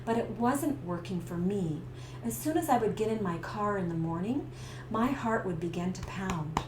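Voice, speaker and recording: A middle-aged woman from Canada, a stress coach telling a personal story to camera and acting out the scenes. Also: mid-range voice. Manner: lively storyteller who acts out the scenes. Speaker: stress coach and business owner. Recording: roomy echo with faint background hiss.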